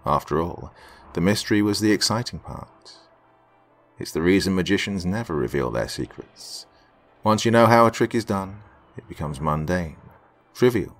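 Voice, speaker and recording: A man reading a first-person story aloud in an expressive, dramatic way. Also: low voice, moderate pace, soft background music. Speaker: narrator.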